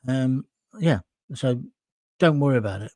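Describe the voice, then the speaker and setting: A man's voice: medium pitch, expressive, measured pace, mellow, no room sound, clean studio sound. A man hosting a live stream. He reads viewers' comments aloud and answers them in a blunt, emphatic, opinionated way, with some mild swearing, and he sounds hot and sweaty. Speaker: host of a live current-affairs stream.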